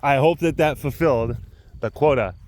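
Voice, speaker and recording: A man's voice: mid-range voice, moderate pace, darkish tone, dry recording. A man, a big cat keeper telling stories in a casual vlog, rambling with many fillers and chuckles.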